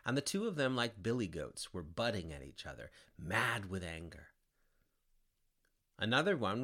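A man giving an expressive, theatrical reading of epic poetry. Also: on the low side. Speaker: reader.

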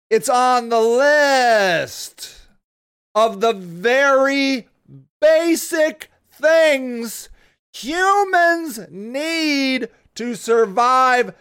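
A woman hosting a solo podcast, ranting angrily and full of profanity, with bursts of shouting. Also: sits high, smooth. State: angry. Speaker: podcast host.

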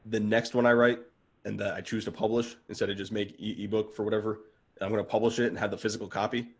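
Guy with a husky kinda breathy voice, earnest, keeps restarting his sentences, casual podcast guest chat. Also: on the low side, flat delivery, fast talker. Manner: earnest, stammering restarts, gets worked up. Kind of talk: casual conversation.

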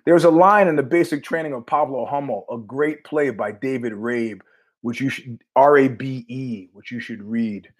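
A man's voice: mid-range voice, normal speed. A man hosting his own show, telling a story in a blunt, profane, conversational way. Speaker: host. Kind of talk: casual storytelling monologue.

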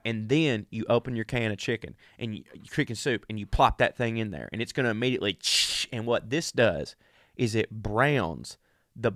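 A man's voice: medium pitch, fairly bright tone, no room sound, studio quality. A sick man, talking casually and profanely straight to his listeners in a podcast monologue. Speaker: podcast host.

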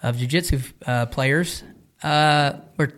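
Man, casual podcast guest, relaxed, rambling, self-deprecating. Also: on the high side, slow. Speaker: podcast guest, jiu-jitsu coach. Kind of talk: casual chat.

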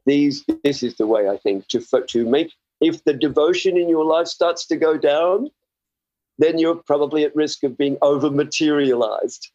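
A man's voice: mid-range voice, moderate pace, darkish tone, no echo. An older man with an Australian accent, an author guest giving earnest, rambling, self-searching interview answers over slightly muffled remote audio.

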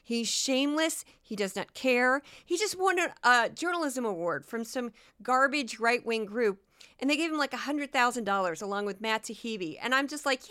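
A woman's voice: on the high side, lively intonation, normal speed, sharp tone, clean tone. A woman from Missouri hosting a solo podcast, talking in a casual, sarcastic and mocking way. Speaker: podcast host.

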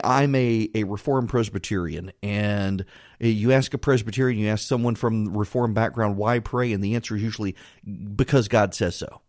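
A man hosting a podcast, giving an earnest devotional reflection in a pleading, halting way, often restarting his words. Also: fairly low pitch, a little mellow, no room sound, studio quality. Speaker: podcast host.

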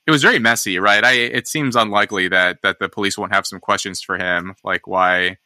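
A man's voice: low voice, brisk, bright, forceful tone, no echo. A man hosting a podcast, chatting casually and thinking aloud with lots of restarts. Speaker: podcast host. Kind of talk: casual discussion.

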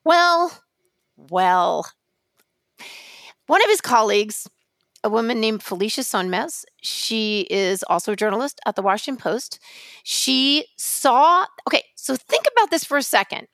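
A woman co-hosting a casual podcast, telling stories in an animated, theatrical way, with swearing and acted-out asides. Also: fairly high pitch, measured pace, dry recording, studio quality. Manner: animated, theatrical storytelling with profanity. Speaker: podcast co-host.

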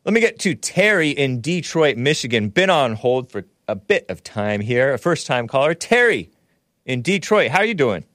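A man's voice: mid-range voice, sing-song, moderate pace, a bit bright, no echo, clean studio sound. A man hosting a call-in talk show, rambling and laughing as he reads comments and takes calls. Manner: rambling, laughs often, restarts mid-sentence.

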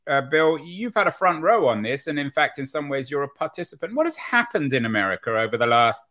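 A man's voice: a little high, big pitch swings, a little fast, pushed and bright. A man hosting an interview show, prodding his guest with questions and fond of rhetorical asides. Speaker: podcast host.

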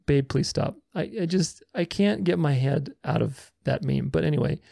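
A man's voice: fairly high pitch, lively intonation, normal speed, gravelly, background noise. A man giving casual video commentary, reading viewer comments aloud and rebutting them in a sarcastic, argumentative way. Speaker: religious commentator responding to comments.

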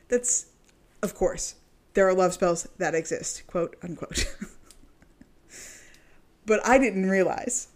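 A woman co-hosting a podcast in loose, casual chat. She talks in a midrange voice, leans on fillers and laughs often. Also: mid-range voice. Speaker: podcast co-host.

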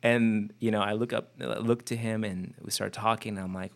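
A podcast host runs a casual interview, asking questions in a relaxed way full of filler words and perking up when he tells stories. His voice is lowish and gravelly, at a moderate pace with few pauses.

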